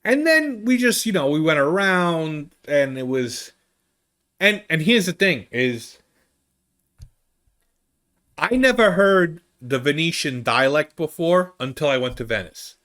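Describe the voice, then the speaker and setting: Comic, slightly high-pitched guy, animated, rambling storyteller. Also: unhurried. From United States. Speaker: comedian host. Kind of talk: casual storytelling monologue.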